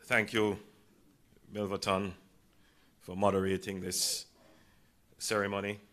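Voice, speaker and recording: A hoarse Jamaican man addressing a signing ceremony as prime minister, greeting dignitaries with relaxed, wry asides. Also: lowish voice, takes it slowly. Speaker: prime minister giving a speech. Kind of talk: formal ceremony speech with acknowledgments.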